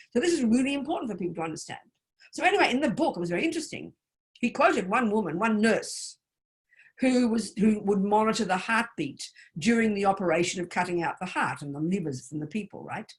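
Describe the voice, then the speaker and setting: A woman leads a Buddhist workshop in an informal, spoken style. Her voice sits at a middle pitch. She talks with animated emphasis and blunt, colloquial asides. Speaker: Buddhist nun teacher.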